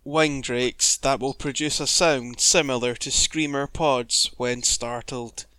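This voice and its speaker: A man putting on a slow, measured announcer voice to read a creature description. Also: medium pitch, steady tone, pushed and bright, smooth, no echo. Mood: solemn. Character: slow, solemn male announcer.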